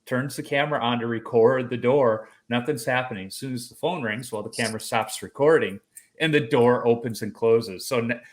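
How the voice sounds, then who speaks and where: A man hosting a podcast, telling a personal story in a lively conversational way and acting out the voices he quotes. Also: mid-range voice, normal speed. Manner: animated storyteller who acts out quoted voices. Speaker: podcast host.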